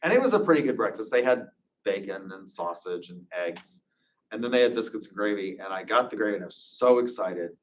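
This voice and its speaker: A man's voice: lowish voice, lively intonation, brisk, recorded from a distance, a little hiss or hum. A man giving an informal classroom lecture, chatty and anecdotal, drifting into loose personal stories. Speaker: instructor.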